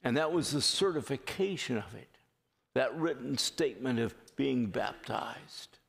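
Slow, earnest man preaching in a reverberant hall. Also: medium pitch, lively intonation, vocal fry, fairly bright tone, slightly rough. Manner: slow, earnest preaching with drawn-out emphatic phrases. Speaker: pastor. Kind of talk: sermon. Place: church sanctuary.

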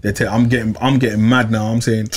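A young man, telling a long personal story in casual chat, animated and repeating himself, full of slang. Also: fairly low pitch, quick pace. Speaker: podcast regular.

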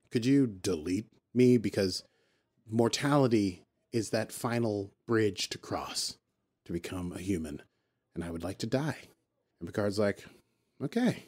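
Guy on a podcast retelling an episode, loose and chatty, bounces between his own voice and quick paraphrased lines. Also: medium pitch, darkish tone. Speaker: podcast host. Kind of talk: casual episode recap.

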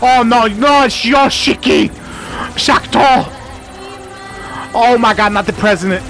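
A man's voice: extremely high pitch, slow pace, creaky, a bit bright, faint music behind. A man commenting on his gameplay in a dramatic, emotional, profane way, often talking to himself. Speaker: let's play gamer.

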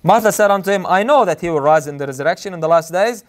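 A man's voice: high-pitched, animated, fast talker. A man preaching a sermon in an earnest, emphatic way, repeating phrases for weight.

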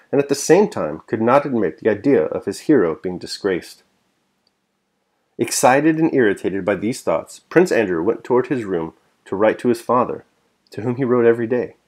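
A man reading a novel aloud chapter by chapter and then sharing his reflection on it, in a measured storytelling manner. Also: fairly low pitch, lively intonation, darkish tone. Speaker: reader and host.

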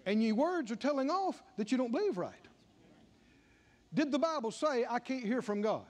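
A man's voice: very high-pitched, sing-song, moderate pace, darkish tone. An older man preaching a sermon and acting out back-and-forth dialogue, building to emphatic declarations.

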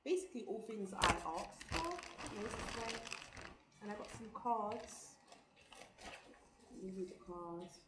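A young woman from England chatting excitedly as she unpacks a parcel in a casual vlog, thinking aloud. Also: medium pitch, slow, pauses often. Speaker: vlogger. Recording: echoey room, background noise.

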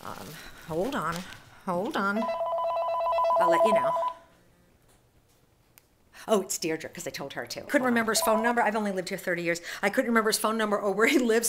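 Woman vlogger, fairly high, lively and self-deprecating, handheld camera in a bathroom, hissy sound. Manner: animated, exasperated, self-mocking. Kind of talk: casual home video. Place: apartment bathroom.

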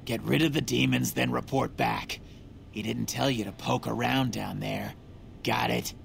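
Video game ghoul: a gruff, gravelly male guard barking short commands. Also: medium pitch, steady tone, measured pace, a little hiss or hum. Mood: menacing. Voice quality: raspy, gravelly. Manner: curt, commanding. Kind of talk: video game character dialogue.

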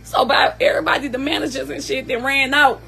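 A woman tells an emotional personal story in a high, bright, sharp voice. She talks emphatically and keeps checking in with her listener, asking "you hear me?" again and again. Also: steady tone, fast, creaky. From Southern United States.

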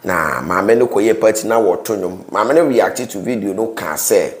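Ghanaian man, gossip-show host, low-ish voice, preachy and pleading, echoey room. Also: expressive, normal speed. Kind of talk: gossip news commentary. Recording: roomy echo.

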